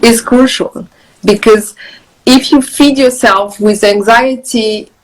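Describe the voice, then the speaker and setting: A woman's voice: on the high side, fairly even intonation, takes it slowly, low-quality recording. French-accented woman talking about meditation. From France. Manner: earnest, flowing, repeats words. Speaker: guest, wellness author. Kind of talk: casual video chat on meditation. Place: countryside home. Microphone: video call.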